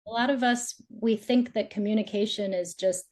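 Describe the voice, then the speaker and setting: A dating and relationship coach appears as a podcast guest, offering casual, chatty advice in a mellow, medium-pitched voice at a moderate pace. She says "like" constantly and acts out the voices of people she quotes.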